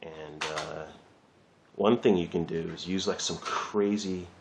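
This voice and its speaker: A man's voice: sits low, steady tone, measured pace, background noise. A man giving a casual, rambling drawing lesson while he works, chatting loosely and swearing lightly. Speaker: art teacher.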